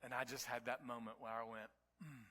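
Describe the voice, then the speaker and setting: A man preaching a sermon to his congregation, telling stories and building to near-shouts at the climaxes. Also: medium pitch, level tone, fairly quick, long reverb tail. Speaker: pastor. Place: church sanctuary.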